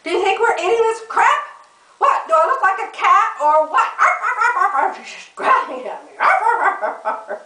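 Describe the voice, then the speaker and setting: A woman voicing a bossy little female puppy who complains and barks in a high squeal. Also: sing-song, moderate pace, pushed and bright, reverberant, far from the mic, heavily acted. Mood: indignant. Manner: indignant, squealing and barking.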